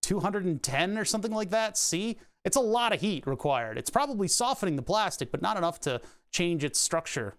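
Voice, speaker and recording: A man's voice: sits high, big pitch swings, fairly quick, hardly any pauses. A man streaming casually while he works on a craft project, rambling and restarting sentences and laughing at puns as he talks to his chat. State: hiccuping, heartburn.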